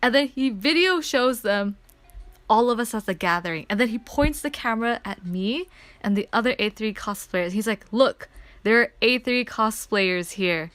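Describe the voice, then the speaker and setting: Excitable woman rambling through a story. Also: a little high, moderate pace, no echo. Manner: excitable, rambling, lots of "like" fillers. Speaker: streamer. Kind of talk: casual story time chat.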